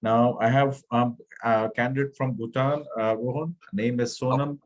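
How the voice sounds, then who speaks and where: A man's voice: medium pitch, fairly even intonation, normal speed, lo-fi sound. A man moderating an online info session, politely reading out audience questions with frequent ums. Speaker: webinar moderator. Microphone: video call.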